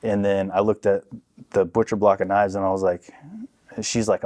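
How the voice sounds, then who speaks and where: A young man telling a story on a podcast in a casual, profane, animated way, acting out what people said. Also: lowish voice, moderate pace. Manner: profane, animated, acts out quotes. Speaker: podcast guest.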